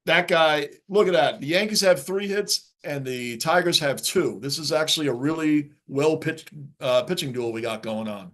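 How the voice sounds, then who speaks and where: A man's voice: a little high, moderate pace, fairly bright tone. A man hosting a live sports reaction stream from his basement, ranting casually and reading viewer chat aloud.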